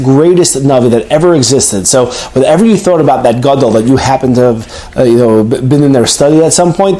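A man's voice: medium pitch, warm tone, rough recording. A man giving a Torah class as a rabbi, earnest, often restarting his words. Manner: earnest, with frequent stammered restarts.

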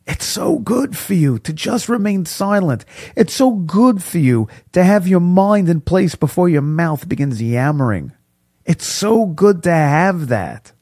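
A man teaching a casual Torah class, chatty and animated, mixing in Hebrew quotes as he tells stories. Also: mid-range voice, creaky, husky, no echo, clean studio sound. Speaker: rabbi teaching Pirkei Avos.

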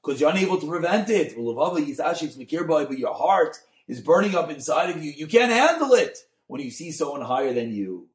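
High-voiced rabbi teaching in an echoey room. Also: male voice, normal speed, few pauses. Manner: expressive, dynamic delivery, swings from soft to loud; mixes Hebrew terms into English. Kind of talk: Torah class on a Mussar text.

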